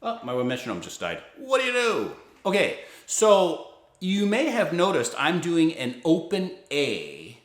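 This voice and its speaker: A man teaching violin, patiently explaining fingerings and bowing and counting beats out loud. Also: on the high side, huge pitch swings, measured pace. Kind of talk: instructional explanation. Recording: echoey room with loud violin playing.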